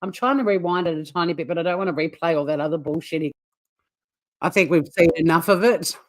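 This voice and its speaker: A middle-aged woman with an Australian accent hosting a casual livestream, blunt and quick to swear, often breaking into laughter as she chats. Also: fairly low pitch. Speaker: livestream host. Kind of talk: casual livestream chat reacting to a clip.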